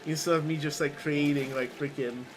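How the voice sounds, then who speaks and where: A man hosting a casual stream chat, excitable and talking in bursts. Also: on the high side, fairly quick. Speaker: streamer host.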